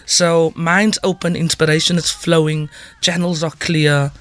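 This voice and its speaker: A woman's voice: low-pitched, level tone, measured pace. A South African woman from Cape Town, a musician talking enthusiastically and from the heart as a guest on a radio show in the studio. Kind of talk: casual radio interview. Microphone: studio microphone.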